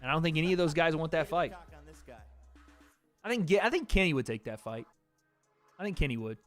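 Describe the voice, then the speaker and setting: A man's voice: a little high, expressive, brisk, fairly bright tone, soft background music. A young man hosting a casual livestream, reading out donations and chatting loosely, laughing often and swearing casually.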